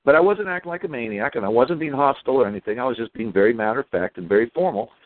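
A male caller telling a long story on a call-in show, animated and acting out his own dialogue. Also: mid-range voice, rapid-fire, no room sound. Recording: dry phone line.

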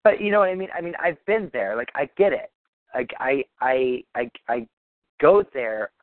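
A man leads a practitioner call with casual coaching talk, meandering, reassuring and often repeating himself. His mid-range voice moves at a moderate pace over a dry, phone-like line with no room sound.

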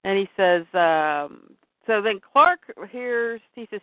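A woman's voice: lively intonation, slow pace, dry recording. Woman chatting thru a comic plot, quoting the heroes, sounds like a phone line, super dry. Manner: retells scenes, quoting characters in a low voice. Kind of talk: casual comic book recap chat.

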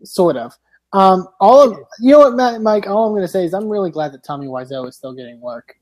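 A man's voice: high-pitched, expressive, a little fast, darkish tone. A man co-hosting a podcast, recapping with sarcastic, profane remarks in casual chat. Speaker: podcast co-host.

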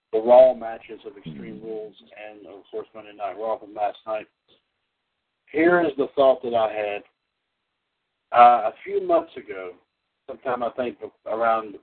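A man hosting a talk show, making rambling announcements full of restarts. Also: lowish voice. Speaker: host. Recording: tinny phone-line audio.

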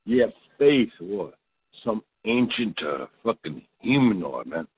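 Low drawling man on a tinny line. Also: big pitch swings, measured pace, husky. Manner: drawling, profane, tacks "man" onto lines. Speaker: podcast host. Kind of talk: rambling comedic monologue. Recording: tinny phone-like sound.

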